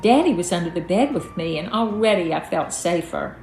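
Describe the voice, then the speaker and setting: A woman's voice: lowish voice, animated, a little fast, darkish tone. A woman reading her own memoir aloud in a folksy storytelling manner. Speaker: storyteller, author. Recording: echoey room, faint music.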